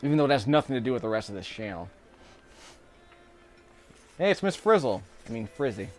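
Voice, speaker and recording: A YouTube gameplay commentator talks casually while playing a video game, rambling through a let's-play and chuckling often between remarks. His medium-pitched voice is very animated and fairly quick.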